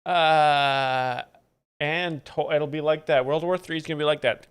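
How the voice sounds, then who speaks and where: A man hosting a live comedy stream, giving casual, sardonic, deadpan commentary. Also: on the high side, a little slow, clean tone.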